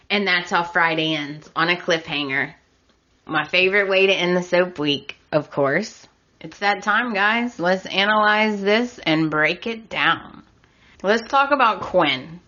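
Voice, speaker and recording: Woman podcast host, casual recap, bright sarcastic delivery, slow pace, dull lo-fi sound. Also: fairly low pitch. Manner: chatty, opinionated, sarcastic.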